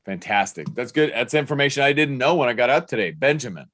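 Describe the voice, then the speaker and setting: A man's voice: medium pitch, lively intonation, fast, fairly bright tone, no echo. An older man hosting an interview podcast, upbeat and motivational in his delivery. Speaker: podcast host.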